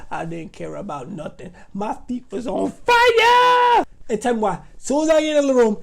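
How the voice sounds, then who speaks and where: A man telling a funny story from his own childhood, animated and dramatic. He leans on slang and sudden outbursts while he tells it. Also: high voice, creaky. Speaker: vlogger. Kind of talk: comic storytime.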